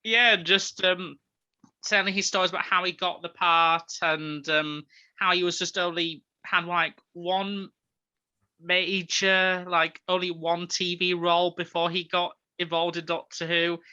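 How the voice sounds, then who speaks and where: Male podcast co-host, rambling and casual, crisp bright tone, muffled lo-fi recording. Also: high-pitched, flat delivery, measured pace. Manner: rambling, with many ums and restarts. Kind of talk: casual review chat. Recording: dull lo-fi mic.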